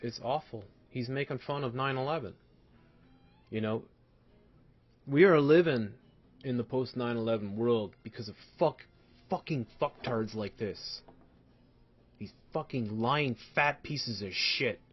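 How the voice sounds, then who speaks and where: A man rants in outraged commentary, full of profanity and repeated phrases. He lurches between bitter mutters and loud outbursts. The recording sounds dull and lo-fi. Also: mid-range voice, unhurried, breathy edge. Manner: furious, profane, repeats himself, swings between shouting and muttering. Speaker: commentator reacting to a video. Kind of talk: angry ranting commentary.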